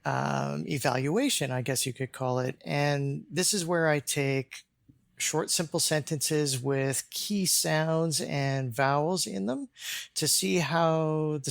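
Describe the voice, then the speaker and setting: A man speaks as a pronunciation coach in a podcast conversation. He explains his methods in a measured, step-by-step way. The recording is close and dry. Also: on the high side, vocal fry, no echo.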